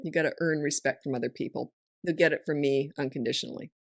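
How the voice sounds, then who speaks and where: Woman podcast host, middle-aged, frank and lively, dry studio sound. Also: low voice, gravelly, dry recording. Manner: frank, lively storytelling with quick asides. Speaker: parenting coach and podcast host. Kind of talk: casual podcast chat.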